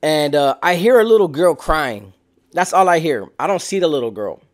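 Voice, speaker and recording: A man in his twenties tells a story in loose slang, lively and a little higher-pitched than most men. He throws in sound effects and acts out the other people as he goes. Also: moderate pace. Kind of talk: casual storytelling.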